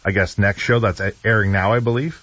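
A man co-hosting a casual chat, answering in a relaxed, easygoing way. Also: on the low side, fairly quick, breathy edge, no echo, dull audio. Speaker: co-host.

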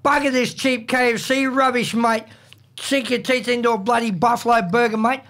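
A man's voice: very high voice, steady tone, moderate pace, a bit bright. An Australian man co-hosting a radio talk show, brash and blokey, tacking "mate" onto nearly every sentence.

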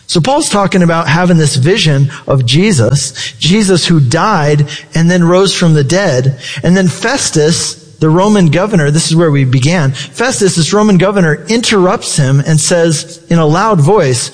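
A man preaching a sermon with a somewhat high voice, talking conversationally and throwing rhetorical questions at his listeners. His words ring out with a long reverb, as if in a large sanctuary. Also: animated, moderate pace, few pauses. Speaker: pastor.

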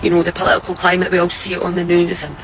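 A woman's voice: on the low side, completely flat delivery, very fast, a little hiss or hum, poor audio. A woman with a Scottish accent delivering a heartfelt, grateful message. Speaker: visitor giving a message in a clip.

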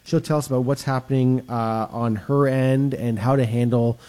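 Casting: male talk-radio host, mellow tone, relaxed studio chat with frequent "uh"s. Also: mid-range voice, normal speed. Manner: chatty, lots of filler words. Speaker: radio show host and real estate broker. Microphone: studio microphone.

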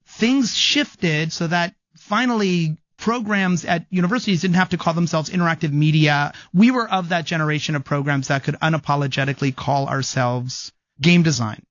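A man's voice: on the high side, normal speed, fairly bright tone, no room sound, highs cut off. A man, a game design professor, speaking thoughtfully and articulately in an interview. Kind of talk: interview conversation.

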